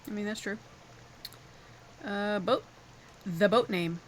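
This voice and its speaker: A woman's voice: medium pitch, slow, pauses often. A young woman casually commenting on a game she is playing, laughing often and reading its text aloud. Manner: giggly, apologetic, reads game text aloud. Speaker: gaming streamer. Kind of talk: casual let's-play commentary.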